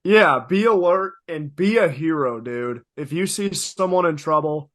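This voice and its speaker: A young man co-hosting a podcast, telling stories in an animated, emphatic way, swearing freely and repeating lines for effect. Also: fairly high pitch, measured pace, no echo, studio quality. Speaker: podcast co-host. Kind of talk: casual podcast storytelling.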